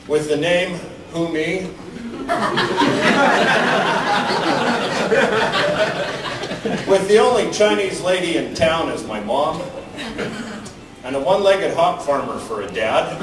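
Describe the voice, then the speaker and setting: A man performing a stand-up comedy set, telling stories deadpan, each ending on a punchline. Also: fairly high pitch. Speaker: stand-up comic. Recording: roomy, distant mic with background noise.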